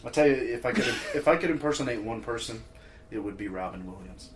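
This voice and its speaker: A man appearing as a podcast guest, telling stories in a relaxed way and laughing often. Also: mid-range voice, fast, slight background noise. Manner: easygoing storyteller, laughs often. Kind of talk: casual chat.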